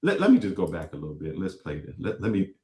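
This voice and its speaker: A man hosting a talk show, giving animated, preachy commentary on clips and acting out quotes. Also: low-pitched, fast, roomy sound. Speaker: podcast host. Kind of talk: casual commentary reacting to clips.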